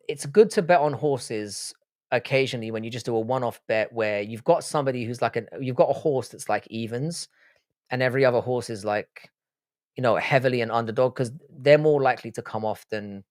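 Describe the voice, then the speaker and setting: A man from Ireland with a British accent hosts a livestream, bluntly and casually reading out viewer comments and swearing freely. His voice is mid-range, with no echo and clean studio sound.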